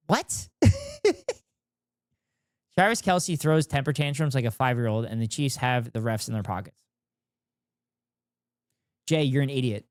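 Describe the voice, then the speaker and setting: A man's voice: medium pitch, dry recording, studio quality. A young man streaming, chatting casually and ranting with heavy swearing and sarcasm. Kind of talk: casual stream chat, reacting and reading chat.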